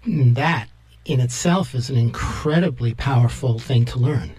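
Radio interviewer, male, middle pitch, thoughtful and measured. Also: darkish tone, slightly rough, poor audio.

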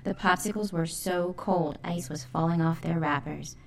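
A woman narrating a children's storybook in a lively, expressive way. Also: lowish voice, normal speed, a little hiss or hum.

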